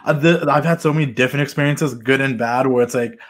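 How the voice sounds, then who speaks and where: A man's voice: medium pitch, quick pace. A man hosting a podcast, chatting casually at a convention venue in a rambling, self-deprecating way full of fillers. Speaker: podcast host.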